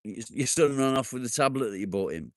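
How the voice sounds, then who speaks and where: A man's voice: medium pitch, expressive, a little fast, no echo, studio quality. A man hosting a casual live stream outdoors in his garden, bantering with viewers, joking, and swearing now and then. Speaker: livestream host.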